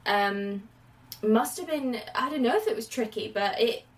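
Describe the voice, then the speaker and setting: A woman's voice: a little high, animated, a little slow, far from the mic. Chatty woman in her late twenties. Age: late 20s. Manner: chatty, acts out quotes with laughs. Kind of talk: casual chat about films.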